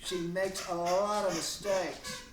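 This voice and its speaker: In this recorded online lecture, a man teaches literature from his home in a chatty, wandering style, hitting key words hard. His high voice is expressive and unhurried, picked up by a far-off mic in a roomy space with a noisy background.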